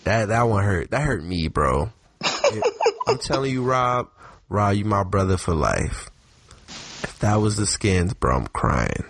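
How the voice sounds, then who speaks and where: A man co-hosting a casual sports chat, animated and excitable, his voice climbing high when worked up. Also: a little slow, breathy edge, dry recording. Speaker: podcast co-host.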